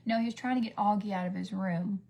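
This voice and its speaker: Woman beauty vlogger, casual rambling chatter, mid pitch, faint hum behind. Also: fairly even intonation, quick pace, gravelly, dull audio. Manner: rambling, chatty, drifts between stories. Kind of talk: casual get-ready-with-me livestream chat.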